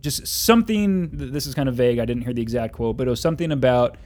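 A man's voice: mid-range voice, expressive, fast talker, darkish tone. A man telling a long, rambling story in casual chat, with lots of fillers and self-corrections.

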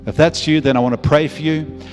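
A man's voice: on the high side, steady tone, a little fast, a little mellow, long reverb tail, soft background music. A man in his fifties, a pastor preaching a sermon, earnest and repeating phrases for emphasis. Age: 50s.

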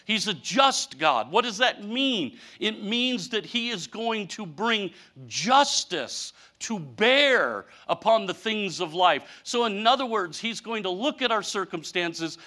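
Man in his fifties, pastor, high lively voice, bright tone, folksy mock-whining sermon. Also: slow pace, hardly any pauses. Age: 50s. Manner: animated, mock-whining storytelling with a folksy drawl. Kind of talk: humorous sermon.

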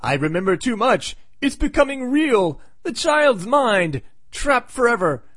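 Grown man falling apart, strained and slow, voiced by a man in a raised pitch. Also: sing-song, a bit bright, heavily acted. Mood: distraught. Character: distraught grown man losing his grip.

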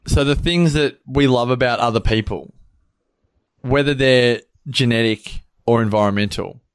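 A man co-hosting a podcast, talking loudly and animatedly in a casual chat. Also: mid-range voice. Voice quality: loud, animated talker. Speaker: podcast co-host.

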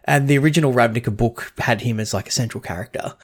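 This man co-hosts a podcast, talking fast at a medium pitch in casual chat. He rambles, restarts a lot, and wanders off into chatty lore tangents.

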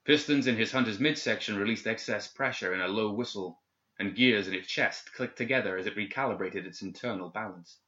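Low-voiced man narrating a story. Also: a little fast, pushed and bright. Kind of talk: audiobook narration. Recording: echoey, slightly dull recording.

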